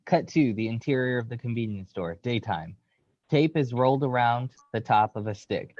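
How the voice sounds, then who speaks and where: A man reading stage directions aloud in a live script reading, flat and matter-of-fact. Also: medium pitch, normal speed, no echo, dull audio.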